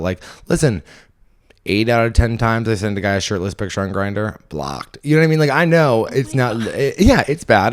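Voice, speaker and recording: A young man with a deep, low voice, who is a stand-up comedian, hosts a comedy podcast. In a casual comedic monologue, he tells a loose, self-mocking story in an animated, off-the-cuff way, rambling from one thought to the next.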